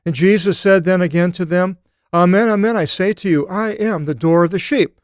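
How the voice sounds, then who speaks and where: A man teaching a Bible study seminar, reading scripture aloud and explaining it, with thoughtful pauses and occasional fillers. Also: high voice, no room sound, studio quality.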